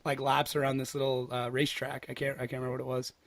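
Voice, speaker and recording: A man hosting a podcast, telling animated stories in casual chat, swearing freely and laughing often. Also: mid-range voice, very fast, gravelly. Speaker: podcast host.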